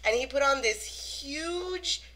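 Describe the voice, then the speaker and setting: A young woman vlogging as a fan, telling a story in a lively way and acting out quotes. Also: high voice, slow pace. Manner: animated, acts out quotes. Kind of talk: excited casual storytelling.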